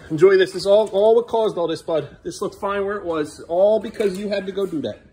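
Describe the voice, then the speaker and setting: A man's voice: sits high, fairly quick, a little hiss or hum. A father in a family home vlog, talking in an exasperated and scolding way, sometimes raising his voice. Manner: exasperated, scolding, loud and sharp at times.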